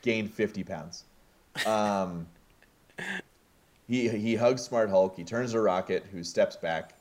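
A man with a low, slow voice walks friends through a film script in casual chat. He hesitates often, with fillers between lines. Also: a little mellow. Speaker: host recapping a film.

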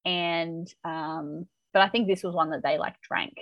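A woman's voice: fairly low pitch, steady tone, unhurried, gravelly, no echo, muffled recording. A woman co-hosting a podcast, chatting casually through an episode recap with lots of "like" fillers. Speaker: podcast co-host.

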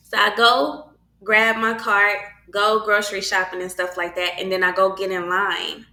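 A middle-aged woman casually telling a personal faith story, animated and acting out the voices of the people in it. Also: medium pitch, moderate pace, reverberant. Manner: animated, acts out quoted voices.

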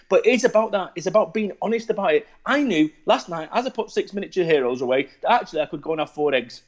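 Man, forties, blunt and profane storyteller; higher voice, muffled audio. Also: fast, few pauses. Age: 40s. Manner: blunt, sweary, animated storytelling. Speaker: podcast guest. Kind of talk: casual chat.

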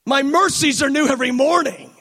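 An insistent male God figure who speaks in forceful, raised tones that break into shouting, as a male preacher puts him on. The voice sits very high. It is delivered within a sermon. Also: fairly quick, heavily acted.

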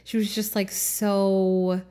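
A woman's voice: mid-range voice, little pitch movement, slow, mellow. A woman hosting a solo podcast, reflecting aloud in a casual, candid way, swearing and laughing often with lots of fillers. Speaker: podcast host.

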